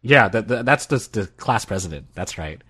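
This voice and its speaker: A man's voice: on the low side, expressive, moderate pace, bright, forceful tone, breathy edge. A man co-hosting a casual anime podcast, rambling and laughing often. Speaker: podcast co-host. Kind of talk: casual chat about anime.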